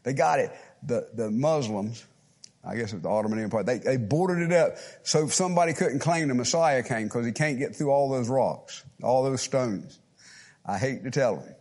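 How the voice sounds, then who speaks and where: A man's voice: mid-range voice, darkish tone. Fervent preacher man, chuckling often. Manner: chuckles often between phrases; repeats phrases with rising fervor. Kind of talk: fervent sermon.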